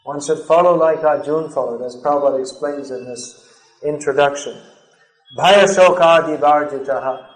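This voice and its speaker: Man lecturing slowly in an echoey hall. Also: medium pitch, fairly even intonation. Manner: measured, drawn-out emphasis with Sanskrit recitation. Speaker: spiritual teacher. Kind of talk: lecture on scripture.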